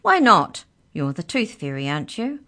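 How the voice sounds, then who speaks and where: A sharp-tongued young girl in a children's story, put on by a woman narrator. She is bossy and snaps impatiently. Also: medium pitch, lively intonation, moderate pace, voice pushed up. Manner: snappy and impatient.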